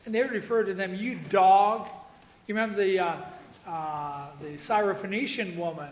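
A man's voice: high voice, fairly quick, roomy sound, a little hiss or hum. A man preaching a sermon, folksy and joking, with asides to members of the congregation. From Iowa. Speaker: pastor.

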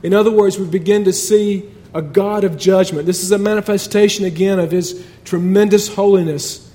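A man's voice: sits high, steady tone, moderate pace, mellow. A man preaching a sermon in a conversational but emphatic way, building points through repetition.

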